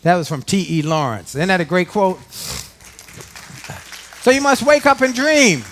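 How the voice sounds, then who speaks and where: A man's voice: high-pitched, unhurried, slight background noise. Middle-aged guy from washington doing a live pep talk to a work crowd, folksy, voice swinging up and down a lot. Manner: animated, folksy, talks straight to the audience. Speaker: motivational speaker. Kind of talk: live motivational speech. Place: conference room before a live audience.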